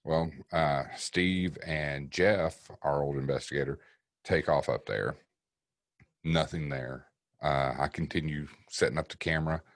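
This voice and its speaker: This is a man with an extremely deep voice, telling a story on a podcast in a relaxed, profane way. He acts out what the other people said as he goes. He sits close to a dry mic with no room sound. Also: a little slow, dry recording. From East Tennessee. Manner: profane, vivid storyteller acting out quotes. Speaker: paranormal investigator guest.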